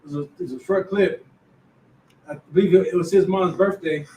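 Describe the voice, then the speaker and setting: High-voiced man heard from far off. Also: steady tone, brisk, darkish tone, slight background noise. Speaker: class member reading scripture. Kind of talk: scripture reading and casual chat. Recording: echoey room, far from the mic.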